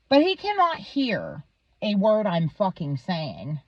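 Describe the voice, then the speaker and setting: A woman's voice: mid-range voice, huge pitch swings, slow pace, darkish tone, no room sound. A woman in her thirties, a vlogger in a heated, profane rant, swearing constantly. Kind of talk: profane ranting monologue. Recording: dull, dry lo-fi recording.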